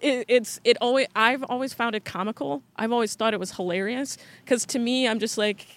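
A woman's voice: fairly high pitch, a little fast. A woman in casual conversation, chatty and full of fillers, often breaking into laughter. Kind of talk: casual chat.

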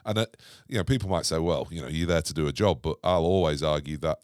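Male host, very deep, dry recording, hesitant chatty delivery. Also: a little mellow, dry recording. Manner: halting, lots of ums and restarts. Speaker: podcast host. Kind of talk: casual podcast conversation.

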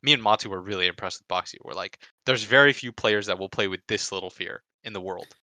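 A man telling a story about a tournament in casual podcast chat, animated and full of swearing. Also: on the low side, quick pace, no room sound. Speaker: pro esports player recounting a tournament.

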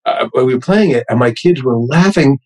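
A man's voice: mid-range voice, lively intonation, normal speed, darkish tone, breathy edge, poor audio. A man in his sixties with a New York accent, a podcast guest telling wry, self-deprecating stories. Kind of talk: casual interview chat.

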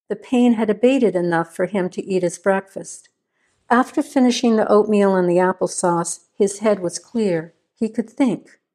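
Woman, story narrator, steady and measured, middle pitch. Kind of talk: scripted narration.

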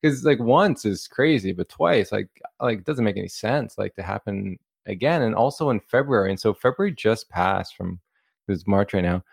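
A man's voice: fairly low pitch, lively intonation, moderate pace, gravelly, husky, no room sound, clean studio sound. A man hosting a podcast interview, empathetic and casual, with many fillers. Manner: empathetic, filler-heavy, says like a lot. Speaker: podcast host.

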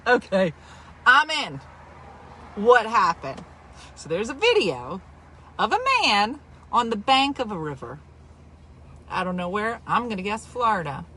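A woman from New Jersey telling a story in casual chat, animated and exaggerated, with quick asides. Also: mid-range voice, slight background noise.

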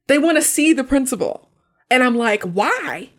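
A woman's voice: high-pitched, moderate pace, a bit bright. A woman casually recapping a horror movie plot, chatty and often laughing. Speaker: podcast host.

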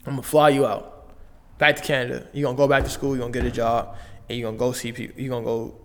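A man's voice: medium pitch, little pitch movement, fast, a bit bright, big-room sound. A young man from Las Vegas, a basketball player telling his story in loose, slangy casual talk full of fillers and restarts. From Las Vegas, USA.

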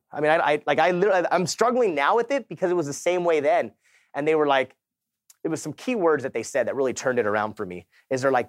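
Energetic man telling his story on stage. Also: medium pitch, fairly quick, no room sound, clean studio sound. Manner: energetic, storytelling, addresses audience as guys. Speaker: conference speaker. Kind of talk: motivational keynote talk.

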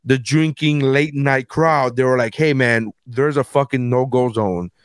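A man's voice: medium pitch, unhurried, clear, resonant tone, no echo. Swearing male comedian telling a story. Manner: storytelling, acts out quoted people, swears often. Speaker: comedian podcast co-host. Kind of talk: casual chat.

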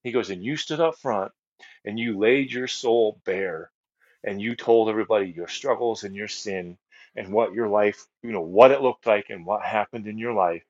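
A middle-aged man speaks in a lowish voice, telling his testimony earnestly, looping back on phrases and filling pauses. The sound is dry and a bit dull, like close podcast audio. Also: darkish tone, dry recording. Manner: earnest storyteller, repeats phrases, many fillers and restarts. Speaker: guest ministry leader. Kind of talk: personal testimony in a podcast chat.

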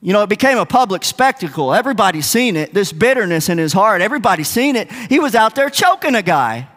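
A man's voice: high voice, big pitch swings, quick pace, a bit bright. A man preaching a sermon, earnest and emphatic, repeating his key points. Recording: long reverb of a hall.

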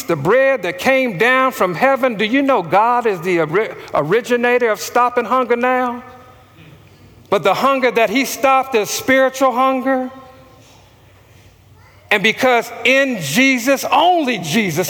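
A high-pitched man delivers a sermon at an unhurried pace. He stresses his words and has listeners echo phrases back. His voice carries a long reverb of a large hall. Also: fairly bright tone. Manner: slow, emphatic preaching with call-and-response. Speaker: pastor.

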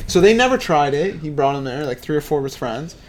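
A man in casual podcast banter, pressing his argument and restarting his sentences. His voice sits fairly high. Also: animated, fast talker, crowd noise. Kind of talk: casual chat.

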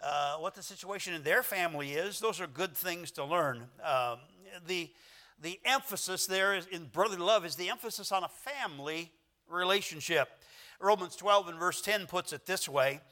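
A man's voice: high voice, normal speed, pushed and bright. A male pastor preaching an evening church sermon in a folksy, rambling way, full of fillers and little self-deprecating chuckles. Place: church sanctuary.

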